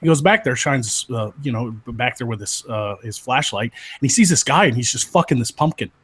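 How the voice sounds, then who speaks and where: A man's voice: mid-range voice, animated, brisk, fairly bright tone, breathy edge. A man telling crude jokes in a casual, hesitant way with fillers.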